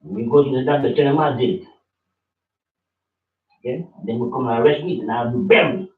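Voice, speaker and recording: A man's voice: medium pitch, a little fast. An older man in a congregation, talking in a rambling, blunt and worked-up way. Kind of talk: heated rambling talk. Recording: dull echoey room from far off.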